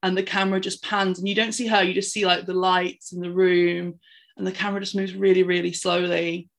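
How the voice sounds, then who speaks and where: A woman's voice: lowish voice, fairly quick, vocal fry. Chatty woman recapping a film. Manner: animated, rambling retelling with many fillers. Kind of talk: casual chat recapping a film.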